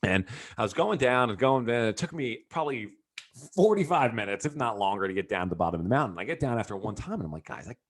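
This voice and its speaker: A man telling a story in a loose, casual way, with his pitch swinging up and down as he goes. He speaks like a coach drawing a lesson for entrepreneurs, animated and full of restarts. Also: quick pace. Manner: animated, lots of fillers and restarts.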